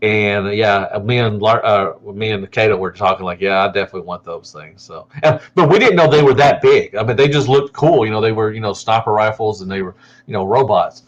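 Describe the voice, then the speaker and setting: A man's voice: lowish voice, brisk. A man co-hosting a casual toy review livestream, laid-back, laughing often and drawing out his fillers. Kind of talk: casual chat. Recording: slightly dull, lo-fi audio.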